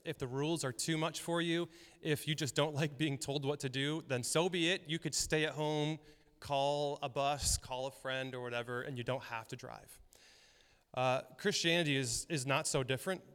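A young male pastor preaches in a hall with a long reverb that trails after his words. His voice sits a little high, and its tone is smooth and resonant. He keeps things conversational, telling stories and laughing along the way. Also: steady tone, moderate pace, fairly bright tone. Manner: storytelling, conversational, laughs often. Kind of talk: sermon. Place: church hall.

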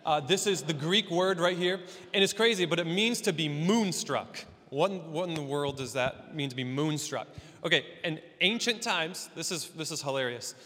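Pastor guy preaching loose and jokey, fairly high bright voice, big echoey church hall. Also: lively intonation, moderate pace. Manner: conversational and playful, with joking asides. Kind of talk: casual sermon. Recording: long hall reverb.

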